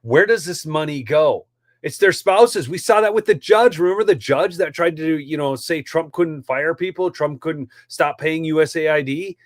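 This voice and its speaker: A man's voice: fairly high pitch, normal speed, no echo, studio quality. A man hosting a live political commentary show, heated and ranty, often calling his audience "folks". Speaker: host.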